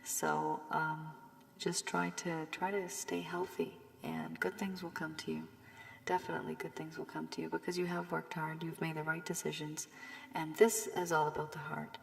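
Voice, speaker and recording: Low, gravelly woman with a cold-strained voice. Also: normal speed, long reverb tail. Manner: loose and rambling with many fillers, warning and advising. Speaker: tarot reader. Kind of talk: casual tarot reading monologue.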